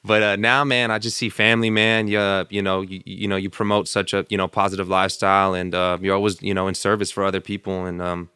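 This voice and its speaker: A podcast guest talks quickly in a low but bright, clear voice. He rambles casually and fills his sentences with "like" and "you know". The sound is close and dry. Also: little pitch movement, no room sound. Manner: rambling, full of "like" fillers.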